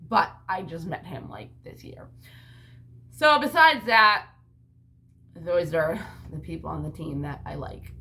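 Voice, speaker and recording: A woman's voice: on the low side, a little slow, pauses often, pushed and bright. A woman talking to her camera in a casual vlog, rambling bluntly with frequent swearing and lots of "like" and "you know.". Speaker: vlogger and mother.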